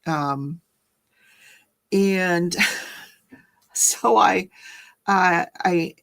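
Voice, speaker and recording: Older lady chatting on her livestream, bit of a gravelly voice, rambles and corrects herself a lot. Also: on the low side, extremely slow, fairly bright tone. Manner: rambling, self-correcting storyteller. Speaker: livestream host. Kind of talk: casual livestream chat.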